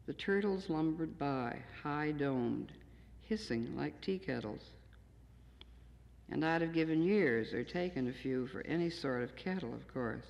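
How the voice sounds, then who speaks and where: An older woman poet reads her own verse in a measured, understated way, her voice gravelly and low-key. The sound is an old, dull 1970s tape, and the voice rings on in a large echoing hall. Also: darkish tone. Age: 60s. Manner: plain, understated, measured reading. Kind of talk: poetry reading to an audience.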